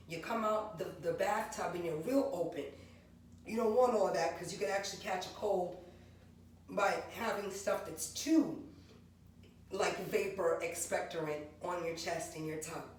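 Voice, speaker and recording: A woman in her forties, a maker of natural hair and skin products, chatting her way through her product line and rambling through lists of ingredients. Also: mid-range voice. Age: 40s. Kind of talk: casual product walkthrough vlog. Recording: very echoey room, voice from far off, faint background hum.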